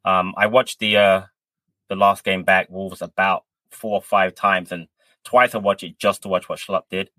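A man's voice: sits low, flat delivery, moderate pace, sharp tone, dry recording. A man co-hosting a casual football podcast, talking hesitantly and thinking aloud with frequent ums. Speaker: podcast co-host.

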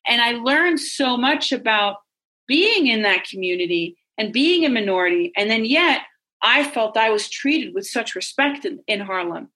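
A woman's voice: fairly high pitch, expressive, moderate pace, sharp tone. A woman in a casual discussion, reflecting thoughtfully and raising open questions.

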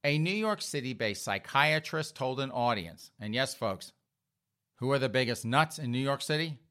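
Bright-voiced sarcastic male commentary host. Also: medium pitch. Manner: mocking, sarcastic, repeatedly addressing listeners as folks. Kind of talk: opinion commentary monologue.

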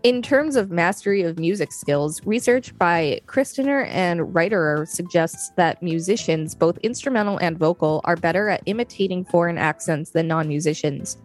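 A woman with a lowish voice co-hosts a podcast, reading facts in a calm, matter-of-fact way. Faint music plays underneath. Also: moderate pace, hardly any pauses. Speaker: podcast co-host. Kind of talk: casual podcast reading and chat.

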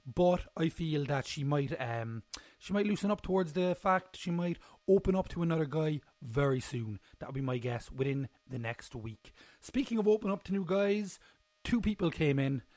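A man's voice: a little high, lively intonation, moderate pace, darkish tone, no echo. A young man, hosting a casual solo recap podcast in a rambling, jokey, self-mocking way. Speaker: podcast host.

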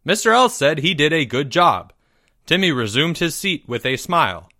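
Brief: male narrator, storybook reading, bright clear tone, unhurried, dry booth. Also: on the high side, no room sound. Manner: measured, expressive reading.

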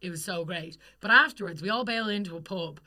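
A woman's voice: on the low side, pushed and bright. A young Irish woman co-hosting a podcast, telling stories in casual, sweary chat and laughing often. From Ireland. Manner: chatty, sweary storytelling, quick laughs. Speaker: podcast co-host.

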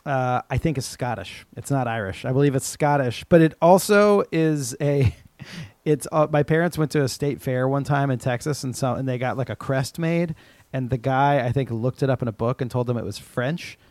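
A man's voice: medium pitch, moderate pace, no echo. An American man co-hosting a podcast, telling stories in casual chat and acting out what his friends said. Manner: animated storytelling, acts out quoted friends. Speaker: podcast co-host.

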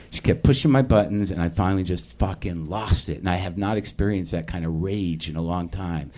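Rambling, profane comedy podcast host. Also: male voice, low voice, normal speed, darkish tone. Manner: rambling, profane, self-deprecating. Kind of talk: live stand-up-style monologue. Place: comedy theater stage, live audience.

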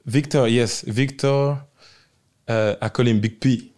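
A man, a guest answering interview questions in short, relaxed replies with laughter. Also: mid-range voice, takes it slowly. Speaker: guest footballer. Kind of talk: casual interview chat.

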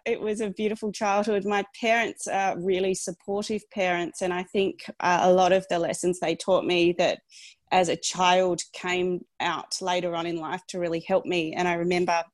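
A woman's voice: lowish voice, no echo. A woman in her thirties from Tasmania with an Australian accent, a guest on a podcast who speaks thoughtfully over a remote online recording. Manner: reflective, thoughtful storytelling. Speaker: guest, lawyer. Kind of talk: casual podcast interview.

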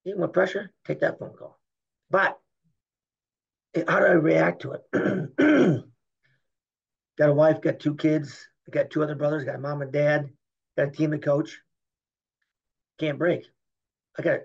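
A man's voice: a little high, moderate pace, vocal fry, pauses often, slightly rough. A middle-aged man, a former Olympic wrestler, telling rambling, emphatic stories in an interview and acting out the dialogue. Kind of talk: candid storytelling interview. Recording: muffled lo-fi podcast audio.

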